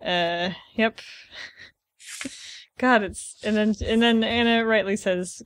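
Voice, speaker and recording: A woman's voice: medium pitch, takes it slowly, creaky, a bit bright, no echo. A woman co-hosting a comedy podcast, casually recapping a novel with a lot of laughing. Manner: laughs often, summarizes the plot. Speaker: podcast co-host. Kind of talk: casual chat recapping a book.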